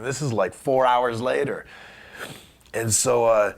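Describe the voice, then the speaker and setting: A man being interviewed, telling a story in a casual, animated way and acting out the voices of the people in it. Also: mid-range voice, measured pace, gravelly. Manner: animated anecdote teller who acts out quoted voices. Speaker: guest wrestler.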